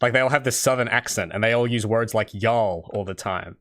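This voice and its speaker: Chatting briskly on his game dev stream, this young Australian indie developer rambles and answers questions from chat. His voice is on the low side with a fairly bright tone.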